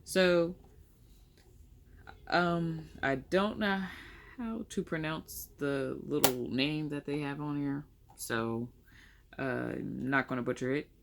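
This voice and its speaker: A woman's voice: sits low, slow pace, gravelly, a little hiss or hum. A young woman chatting casually through her makeup tutorial, rambling and correcting herself as she goes. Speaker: makeup vlogger.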